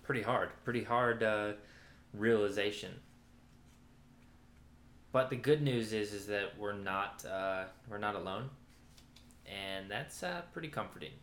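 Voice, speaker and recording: A man's voice: fairly low pitch, a little slow, long pauses, a bit bright. A man giving a casual Bible teaching, talking conversationally with many fillers and restarts. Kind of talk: casual sermon-style teaching. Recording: roomy echoey room.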